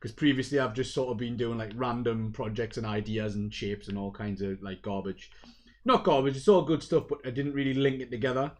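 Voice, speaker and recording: Excitable rambling host. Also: male voice, medium pitch, fairly quick. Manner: excitable, rambling, self-mocking. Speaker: livestream host. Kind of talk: casual livestream chat.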